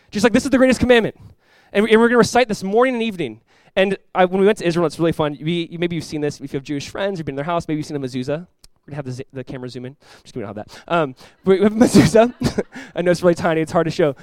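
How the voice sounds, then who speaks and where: Fast-talking, high-voiced young male pastor. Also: no echo. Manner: energetic, chatty, peppered with "like", reads scripture aloud. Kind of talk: casual sermon.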